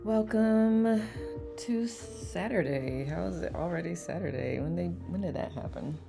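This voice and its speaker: Calm woman hosting a live stream, slow talker, greets folks by name, music playing behind. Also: on the low side, gravelly. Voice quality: calming voice. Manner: warm greetings to viewers by name, chatty and relaxed. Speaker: live-stream host of a letting-go study group. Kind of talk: casual livestream greeting chat.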